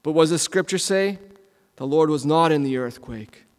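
A man preaching a sermon as a pastor, asking rhetorical questions and repeating lines, swinging from loud emphasis to hushed near-whispers. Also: a little high, normal speed. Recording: long hall reverb.

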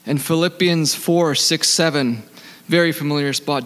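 This sermon comes from a man with a non-native accent whose voice is fairly high for a man, steady, fairly bright, clear and resonant. He questions the congregation and supplies the answers himself, reading scripture passages slowly, while the hall adds a long reverb.

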